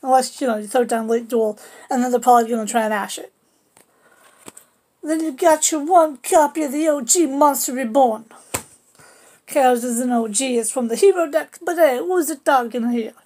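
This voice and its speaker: A woman's voice: high voice, normal speed, a little mellow. A woman casually showing off her card game deck, playful and trash-talking, with goofy sound effects. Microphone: camera on a table.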